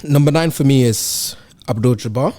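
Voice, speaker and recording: A man's voice: medium pitch, normal speed, warm tone. A man co-hosting a sports podcast, bantering and teasing the others in casual chat. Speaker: podcast co-host.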